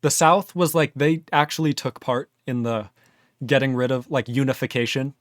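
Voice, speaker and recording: A man's voice: mid-range voice, normal speed, dry recording. Rambling American man with a dry sound. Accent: Northern US. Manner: rambling and animated, many filler "like"s. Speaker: guest. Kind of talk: casual chat on a livestream.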